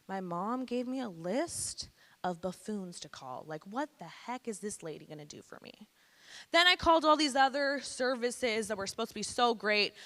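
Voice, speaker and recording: A woman in her thirties from Canada speaks frankly to a room of students, casual and blunt. Her voice is bright and clear at a middle pitch. A long hall echo follows every line. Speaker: guest speaker. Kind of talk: personal testimony to students. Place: school presentation hall. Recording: echoey hall.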